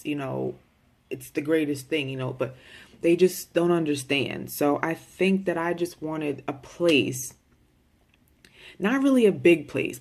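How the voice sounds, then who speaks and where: A woman's voice: low-pitched, a little mellow. A mother of a special needs child talking candidly in a casual video diary. She is frank and chatty, repeats words as she talks, and uses folksy slang.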